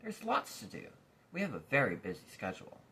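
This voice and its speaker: A man's voice: medium pitch, wildly swooping pitch, brisk, gravelly, pushed and bright, slight background noise, exaggerated voice. A man voicing lazy, drowsy little creatures in a storybook reading, with a sleepy, whining manner.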